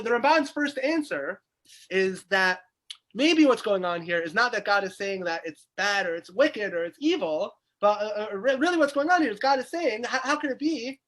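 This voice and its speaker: A man's voice: high voice, fairly bright tone. A man, teaching a weekly Torah class as a rabbi over a video call, explaining by asking questions aloud. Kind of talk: lively text study lecture.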